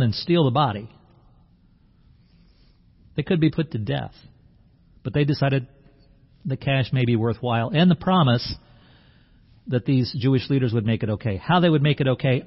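A man's voice: medium pitch, slightly rough, lo-fi sound. A man preaching a sermon in a conversational way, acting out the scene and often restarting his words. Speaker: pastor.

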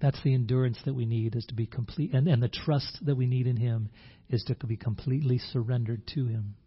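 Male pastor, husky voice, earnest sermon, dull lo-fi recording. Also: medium pitch, steady tone, brisk. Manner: earnest, with repeated words and restarts. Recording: dull lo-fi sound.

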